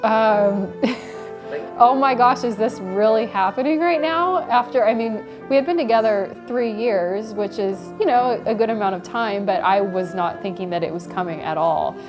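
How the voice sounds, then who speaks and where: A woman's voice: medium pitch, animated, normal speed, over music. Chatty woman, laughing as she tells her story. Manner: chatty, laughs between phrases, many "um" and "like". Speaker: bride telling how she was proposed to. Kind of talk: casual personal storytelling to camera.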